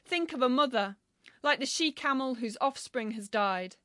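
High-voiced woman reciting poetry solemnly. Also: animated, moderate pace, a bit bright, dry recording, clean studio sound. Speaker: translator reading poetry. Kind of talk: poetry reading.

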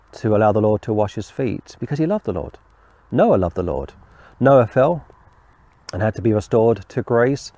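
A man's voice: medium pitch, mellow, no echo. A man giving an informal Bible teaching in a rambling, conversational way, with asides and restarts. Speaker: preacher.

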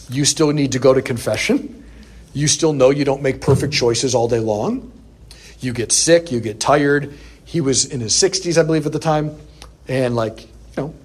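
Male preacher with a slightly husky voice, animated, acts out the dialogue in his stories. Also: medium pitch. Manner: animated storyteller, acts out quoted lines. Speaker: priest. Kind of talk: sermon with storytelling.

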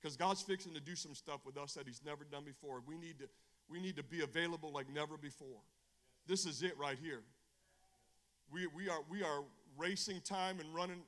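A middle-aged evangelist man preaching his testimony with a bright, forceful voice, on the high side for a man. He moves between hushed storytelling and loud bursts. The sound carries a long church reverb. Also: fairly quick. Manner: animated preacher, swings from hushed storytelling to shouting. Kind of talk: testimony sermon.

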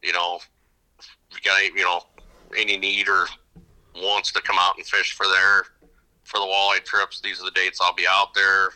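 Middle-aged guy, fishing guide, rambles and restarts a lot, lowish voice with a real bright edge. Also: monotone, moderate pace, pauses often, low-quality recording. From upper Midwest of the United States. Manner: rambling storyteller with many restarts. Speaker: fishing guide and podcast guest. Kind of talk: casual interview chat.

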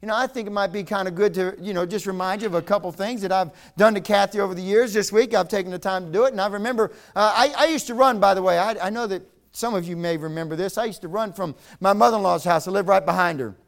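A middle-aged man preaching at a revival. His voice sits high for a man, and he swings between easy, joking storytelling and emphatic calls to his congregation. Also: fast talker, few pauses. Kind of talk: revival sermon.

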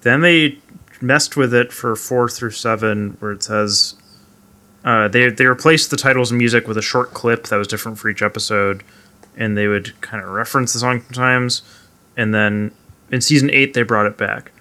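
A man's voice: mid-range voice, fairly even intonation, normal speed, sharp tone. A man co-hosting a casual podcast, talking in a dry, matter-of-fact way. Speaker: podcast co-host. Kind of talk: casual chat.

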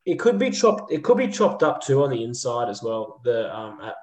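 A man with an Australian accent who co-hosts and gives racing tips in casual, rambling chat that gets animated when he makes a point. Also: medium pitch, normal speed, roomy sound. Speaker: co-host giving racing tips.

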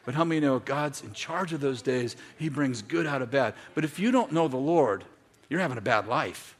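A man preaching a sermon to a congregation, telling stories with quoted dialogue and building to shouted, repeated lines. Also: medium pitch, lively intonation, normal speed. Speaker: pastor. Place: church in front of a congregation.

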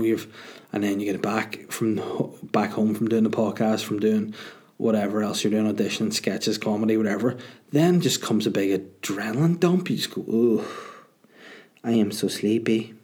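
A man's voice: lowish voice, moderate pace, warm tone. A young man, hosting a podcast and telling a comic story in a sardonic, self-mocking way, swearing freely. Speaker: podcast host.

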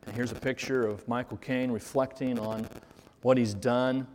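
A man's voice: mid-range voice, fairly even intonation, moderate pace, a little mellow. A man preaching a Sunday morning sermon, earnest and reflective, posing rhetorical questions to his congregation. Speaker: pastor. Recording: reverberant hall, faint noise.

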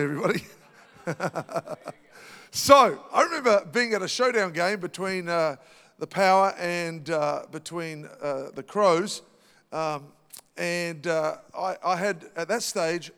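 A man's voice: high-pitched, fairly bright tone, clear, resonant tone, in a large hall. A middle-aged Australian man preaching a sermon, telling a personal story in a chatty way with many fillers and restarts. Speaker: pastor.

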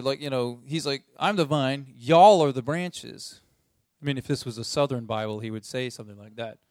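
Emphatic, chatty preacher, dry sound. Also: male voice, on the high side, no room sound. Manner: conversational, emphatic, with frequent fillers and restarts. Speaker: pastor. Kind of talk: sermon.

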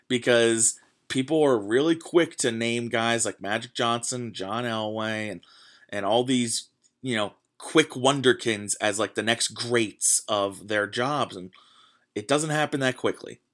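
Hosting his own show, a man with a medium-pitched, somewhat bright voice rants casually about sports. The more riled up he gets, the more he swears and reaches for fillers.

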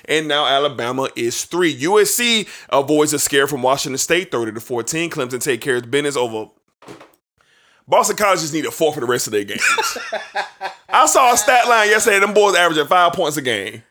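A man co-hosting a casual sports talk show, animated, with laughs and drawn-out exclamations. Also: a little high.

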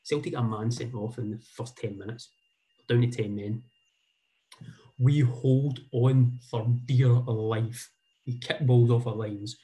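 A man's voice: medium pitch, fairly even intonation, slow pace, warm tone, low-quality recording. A Scottish man in his forties telling a heartfelt personal story in a rambling, earnest way, often repeating words. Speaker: speaker sharing a personal story.

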